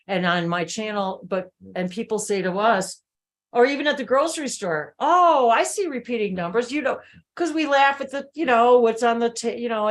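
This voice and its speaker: A woman hosting a spiritual video-call hangout, telling stories emphatically and talking straight to her viewers. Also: mid-range voice. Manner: animated, emphatic storytelling, addresses viewers directly. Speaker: channeling host. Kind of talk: live video-call chat.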